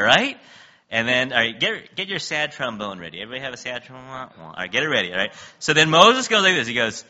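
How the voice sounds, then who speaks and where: A male pastor delivers an animated sermon at a fast clip, his strongly sharp, forceful voice swinging widely in pitch. He laughs often and keeps checking in with listeners by asking "right?", and the recording sounds somewhat dull and lo-fi.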